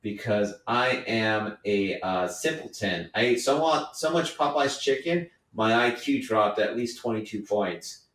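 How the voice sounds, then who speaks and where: A man's voice: fairly low pitch, animated, a little slow, fairly bright tone. Laid-back young man in an echoey room. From California. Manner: laid-back, rambling, jokey. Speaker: podcast co-host. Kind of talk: casual comedic chat.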